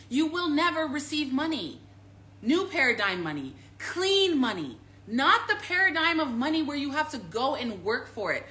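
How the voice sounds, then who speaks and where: A woman talking casually as a spiritual teacher, emphatic and repetitive, swearing freely and swinging from loud to hushed and confiding. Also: high voice. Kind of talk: casual live-stream talk.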